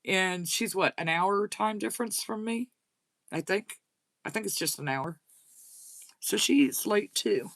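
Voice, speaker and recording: A woman with a slight Southern US lilt talks casually to her livestream viewers. She answers their comments one by one in a chatty way. Her voice is bright and forward, recorded close and dry. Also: mid-range voice, a little slow, long pauses, no echo. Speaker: crochet channel host.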